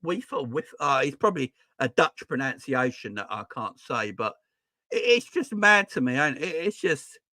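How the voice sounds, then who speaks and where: A man hosting a football fan channel, talking in an excitable, exasperated rant with plenty of swearing. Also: medium pitch, moderate pace, no echo, studio quality. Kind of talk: ranting casual vlog talk.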